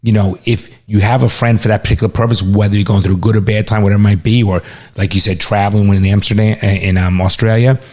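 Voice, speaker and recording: A middle-aged man co-hosting a podcast in casual, relaxed chat, swearing freely. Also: on the low side, quick pace. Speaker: podcast co-host, father.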